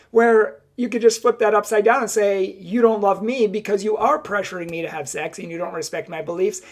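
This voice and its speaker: A woman's voice: medium pitch, fairly even intonation, moderate pace, hardly any pauses, a little mellow. A young woman speaking as a Catholic advice speaker, talking to camera and acting out both sides of each exchange. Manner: emphatic, acts out both sides of dialogues. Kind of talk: direct-to-camera advice talk.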